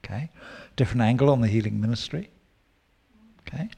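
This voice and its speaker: A man preaching a sermon, teaching with lively quoted prayers and asides. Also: medium pitch, brisk. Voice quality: gravelly.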